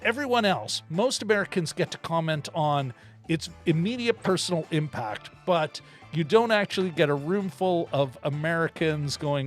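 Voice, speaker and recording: Brief: male podcast co-host, fairly high voice, animated and laugh-prone, faint music underneath. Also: normal speed. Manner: animated, laughs often while talking. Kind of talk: casual film-discussion chat.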